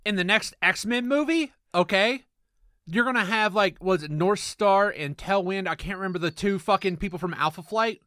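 A man co-hosting a casual podcast chat, animated and swearing as he argues his points. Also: high voice, moderate pace, clear, resonant tone, dry recording, clean studio sound. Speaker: podcast co-host.

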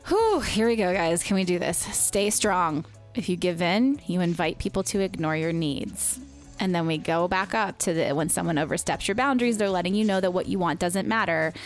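Podcast co-host, woman, 30s, chatty storyteller, soft music bed. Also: fairly low pitch, normal speed. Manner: chatty storyteller, animated quoting, laughs often. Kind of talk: casual chat.

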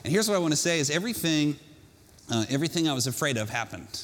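High-voiced storytelling preacher man. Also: fast. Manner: storytelling, animated, self-mocking. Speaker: pastor. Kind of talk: sermon. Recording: long hall reverb.

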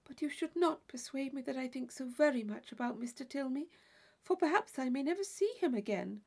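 A woman reading as a shy, soft-spoken young lady. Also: high-pitched, animated, fairly quick, creaky, heavily acted. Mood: demure. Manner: soft, demure, partly whispered. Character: shy, modest young woman, easily embarrassed.

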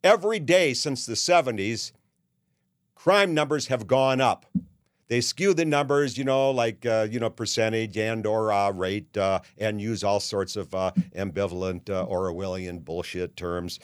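A seventy-something man hosts a podcast, bluntly ranting through an opinionated monologue with frequent "uh"s and restarts. His lowish voice is a little slow, clear and resonant, and the studio-quality recording has no echo.

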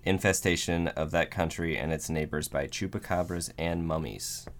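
A man's voice: deep voice, steady tone, normal speed. A man putting on a boastful politician's voice while reading from a book. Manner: blustering, boastful reading aloud.

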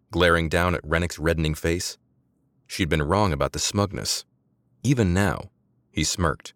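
Male narrator, low voice, dry close read, measured dramatic audiobook style. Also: dry recording.

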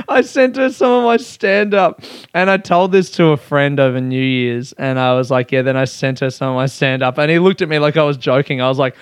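A young man, a comedian, telling a story casually, animated and self-mocking, his voice jumping high when excited. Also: brisk, smooth, no echo, clean studio sound.

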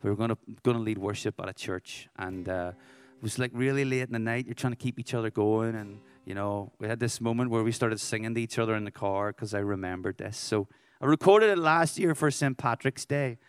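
A man's voice: fairly low pitch, a little fast, clean tone. A man with an Irish accent, a worship leader giving an informal, conversational talk with joking asides. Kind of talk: informal preaching and storytelling.

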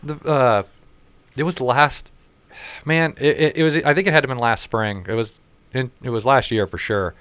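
A man's voice: mid-range voice, normal speed, smooth, no echo. A man telling stories in casual chat, swearing freely and acting out what others said. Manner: profane, animated storytelling with quoted voices. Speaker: storyteller in casual conversation.

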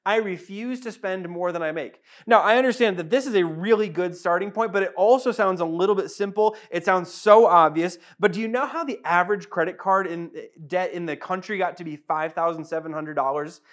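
A man's voice: high-pitched, fairly quick, hardly any pauses, a bit bright. A pastor preaches to his congregation. He drives each point home through repetition, circles back on phrases and restarts sentences mid-thought. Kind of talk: sermon.

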